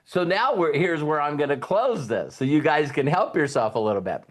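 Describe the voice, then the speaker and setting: A man's voice: a little high, normal speed. A middle-aged man giving a motivational talk who keeps acting out little conversations as he goes. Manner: animated, acts out little dialogues. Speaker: motivational speaker.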